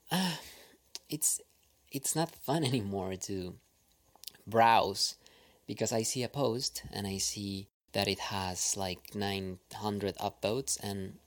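A man's voice: fairly low pitch, gravelly. Hesitant man with a Spanish accent. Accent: Spanish-speaking. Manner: hesitant, full of pauses and restarts, drops to a soft near-whisper. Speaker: audio creator. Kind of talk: casual reflective monologue.

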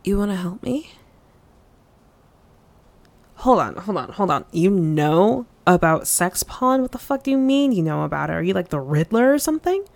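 A woman's voice: mid-range voice, big pitch swings, slow, pauses often, breathy edge, no echo, exaggerated voice. A woman voicing a flustered, frustrated young woman in an audio role-play, stammering and swearing with many fillers.

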